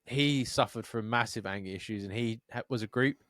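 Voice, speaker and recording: A man's voice: medium pitch, fairly quick, a bit bright, no echo, studio quality. A man co-hosting a podcast in casual chat, swearing often and acting out voices in his rambling stories. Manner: sweary, rambling storytelling with acted-out quotes. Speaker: podcast co-host.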